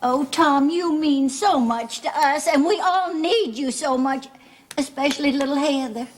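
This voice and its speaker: A woman's voice: high voice, unhurried, slight background noise. An actress playing a fretful middle-aged mother in a 1970s TV soap, fussing, scolding and pleading.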